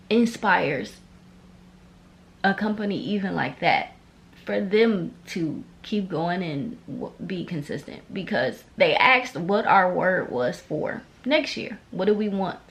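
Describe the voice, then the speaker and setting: A woman's voice: medium pitch, creaky. A woman esthetician vlogging casually to her viewers, chatty, often turning to them with "okay?" and "y'all". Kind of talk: casual talk to camera.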